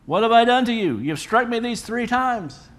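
A man's voice: extremely high pitch, expressive, normal speed, fairly bright tone, pitched above the performer's own voice. A preacher voicing a talking female donkey that pleads and reasons with her master. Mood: pleading.

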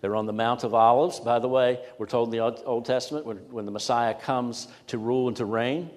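A middle-aged male pastor giving an expository sermon, stressing key words and pausing between phrases. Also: mid-range voice, steady tone, darkish tone. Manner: expository preaching with rising emphasis and pauses. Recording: long hall reverb.

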